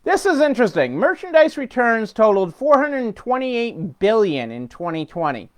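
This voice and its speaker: A man's voice: extremely high pitch, very animated, normal speed. A middle-aged man hosting a weekly business update, talking casually and rambling with fillers, restarts and chuckles. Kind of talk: casual unscripted talk.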